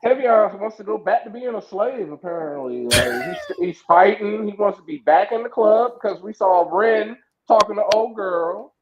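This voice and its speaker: High, excitable man with loud crowd behind. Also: normal speed, hardly any pauses, highs cut off. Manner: excitable, animated storyteller who slips into impressions. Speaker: podcast co-host. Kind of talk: casual wrestling chat.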